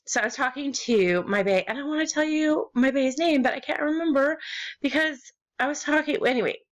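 A young American woman rambling and gushing as she opens gifts in an online game, with sudden squeals and low mutters. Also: brisk. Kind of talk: casual gaming commentary.

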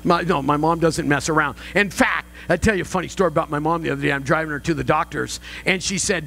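A man's voice: fairly high pitch, fast talker, gravelly, hardly any pauses, pushed and bright, a little hiss or hum, poor audio. An older male pastor preaching a sermon, telling family stories with humor and rising emphasis. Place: church sanctuary.

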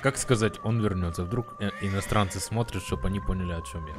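A man's voice: sits low, fast talker, music in the background. A man with a Russian accent, a native Russian speaker, playing a migrant in a game roleplay who pleads in broken English and talks aside to viewers.

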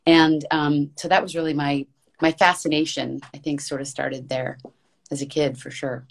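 In a relaxed interview, a woman discusses her career in voice acting, earnest and talkative in long, flowing stretches. Her voice is low and gravelly, with a flat delivery at a moderate pace.

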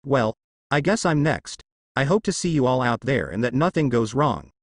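A man's voice: mid-range voice, expressive, normal speed, dry recording, clean studio sound. A man voicing a respectful female two-tailed fire cat spirit with a polite manner.

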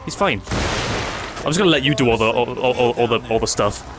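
A man hosting a co-op gaming video, excitable and joking, swearing often as he plays. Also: mid-range voice, fairly quick, background noise. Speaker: gaming channel host. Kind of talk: casual co-op gaming banter. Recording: game music behind.

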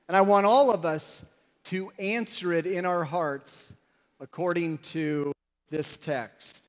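A pastor giving an emphatic, storytelling sermon in a church sanctuary. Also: male voice, sits high. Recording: long reverb in a large hall.

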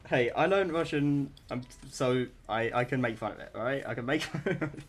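A man's voice: mid-range voice, moderate pace, few pauses. A young man commentating casually on a live game stream, chatty and self-mocking.

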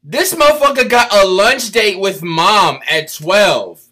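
Loud profane man mocking a cartoon. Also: sits high, lively intonation, slow. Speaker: commentator. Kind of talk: comedic cartoon commentary.

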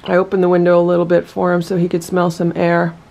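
A woman narrating her home cat rescue vlog in a calm, matter-of-fact way, switching to sing-song baby talk for her cats. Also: fairly low pitch, fast, gravelly. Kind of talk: casual narration to camera.

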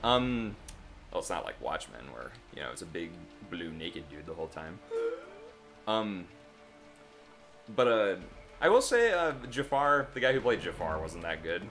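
A man's voice: deep voice, sing-song, a little slow, pauses often, fairly bright tone. A young man co-hosting a let's-play, rambling casually and laughing often, with game music behind him. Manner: rambling, laughs often, breaks into goofy voices. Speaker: gaming channel co-host.

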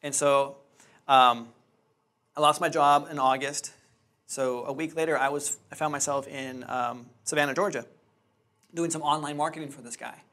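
A man's voice: fairly high pitch, normal speed. Candid man telling his story to a class. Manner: candid, animated storytelling with quoted dialogue. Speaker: real estate investing trainer. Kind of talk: storytelling talk to a live class. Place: training room with hard floor.

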